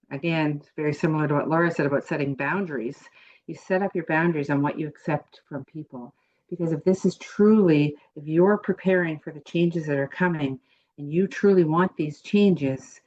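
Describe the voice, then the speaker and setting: Low-voiced emphatic psychic woman. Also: a little mellow, lo-fi sound. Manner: emphatic, repeats reassurances. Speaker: psychic panelist. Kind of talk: encouraging reading for a viewer.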